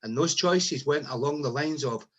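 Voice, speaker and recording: A man's voice: a little high, normal speed, fairly bright tone. A man giving an impassioned rally speech as a union speaker, repeating his phrases and firing off rhetorical questions.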